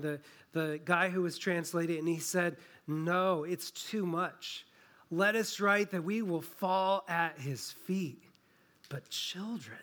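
A man preaching a sermon, earnest, often dropping soft and low on key phrases. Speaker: pastor.

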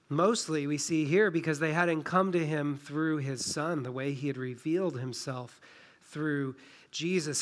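Higher-voiced man preaching a conversational sermon. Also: fairly bright tone. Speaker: pastor. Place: church in a small town.

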